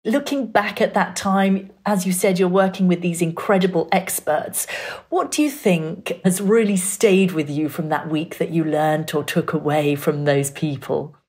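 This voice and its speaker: A woman hosts a podcast, moving between scripted narration and interview questions. Her voice is low and husky. She keeps a measured, even delivery. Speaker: podcast host.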